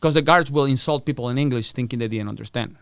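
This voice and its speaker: Clean studio sound with no echo frames a quick-talking middle-aged man from the United States whose medium-pitched voice is gravelly, clear and resonant. As a podcast guest he tells profane, animated stories and imitates the people he quotes.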